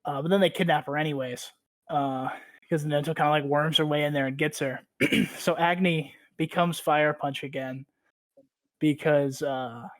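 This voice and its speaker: A man's voice: fairly high pitch, fairly even intonation, moderate pace, no room sound. A man hosting a podcast, casually recapping a story in a rambling, profane way, full of "like". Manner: rambling, profane, heavy use of "like". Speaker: podcast host.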